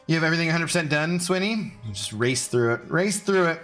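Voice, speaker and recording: Man, slightly high voice, relaxed gaming streamer reading chat, faint music behind. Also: fast talker, hardly any pauses. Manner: laid-back, chatty, greets viewers by name. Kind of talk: casual live-stream chat while gaming.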